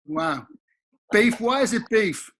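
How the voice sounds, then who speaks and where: A man with a notably high voice puts questions to a guest on a podcast. He is hesitant and often restarts his sentences. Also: animated, slow pace, a bit bright, slightly rough. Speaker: podcast co-host. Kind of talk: casual podcast interviewing.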